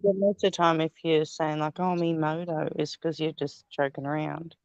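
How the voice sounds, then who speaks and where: A woman's voice: deep voice, normal speed, darkish tone, no echo, dull audio. A woman with an Australian accent chatting casually as a guest, teasing and talkative. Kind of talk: casual chat.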